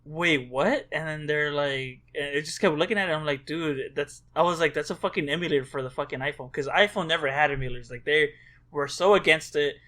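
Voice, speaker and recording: A man co-hosting a podcast in casual chat, telling stories excitably and swearing often. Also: a little high, fast. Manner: excitable storyteller, swears a lot. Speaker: podcast co-host.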